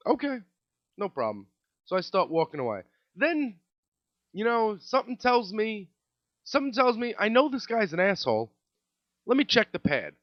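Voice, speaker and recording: A man in his thirties tells a profane, exasperated comedic story as a podcast host. His delivery swoops widely and sits slightly high. The recording is dry and dull, like a lo-fi home setup. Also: huge pitch swings, normal speed, long pauses, no room sound.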